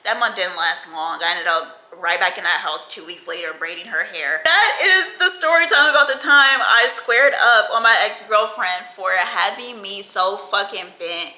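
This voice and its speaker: Young woman, storytime vlogger, very bright tone, echoey room, animated and foul-mouthed. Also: medium pitch, normal speed, hardly any pauses. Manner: animated, profane, acts out quoted lines. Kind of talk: storytime vlog.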